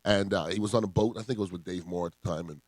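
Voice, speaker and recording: A man's voice: deep voice, steady tone, very fast, darkish tone, dry recording, studio quality. A middle-aged man, a former football player, chatting as a guest on a radio talk show and telling laid-back stories. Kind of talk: casual chat.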